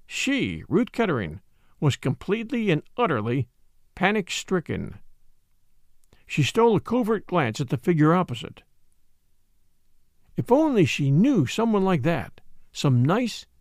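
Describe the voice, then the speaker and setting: A man narrating an audiobook in an expressive, deliberate way. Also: a little high, vocal fry, dry recording, clean studio sound. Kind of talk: dramatic audiobook reading.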